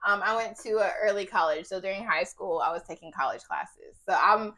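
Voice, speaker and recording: A young adult woman co-hosting a podcast in casual chat, animated, laughing often and swearing casually. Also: medium pitch, a little fast. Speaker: podcast co-host.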